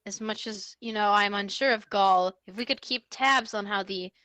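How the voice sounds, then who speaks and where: A woman's voice: medium pitch, normal speed, sharp tone, no room sound. A woman speaking in character as a player in a tabletop game, earnest, formal and a little hesitant. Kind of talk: in-character tabletop role-play.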